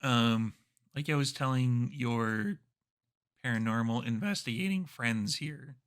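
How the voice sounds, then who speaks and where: A man's voice: medium pitch, a little slow, fairly bright tone, close to an everyday voice. A man voicing a confused male ghost who has recently died, talking vaguely and hesitantly.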